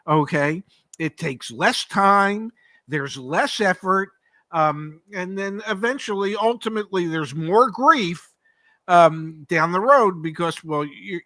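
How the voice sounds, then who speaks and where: A former car dealership operator, now a podcast co-host, talks casually about the car market in a fairly high, sharp-toned voice. He's emphatic, repeating words and asking rhetorical questions, and the recording carries no room sound.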